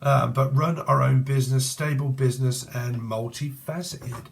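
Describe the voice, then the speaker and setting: An Englishman reads tarot in a loose, chatty way, wandering off on tangents and swearing as he goes. His voice sits at an ordinary middle pitch for a man. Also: steady tone, normal speed, creaky. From England. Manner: swears freely and rambles, chatty and blunt. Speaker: tarot reader. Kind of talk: casual tarot reading to camera.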